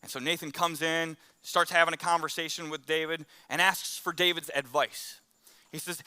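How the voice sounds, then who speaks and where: A man's voice: fairly high pitch, steady tone, moderate pace, sharp tone, smooth. A man preaching a conversational sermon, telling stories and acting out the quotes in them. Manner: acts out quotes in the story. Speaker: pastor.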